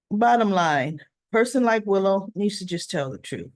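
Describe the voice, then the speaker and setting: A woman's voice: mid-range voice, lively intonation, moderate pace, no echo. A woman hosting a casual recap, retelling scenes with acted-out quotes and chatty asides. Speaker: soap opera recap host.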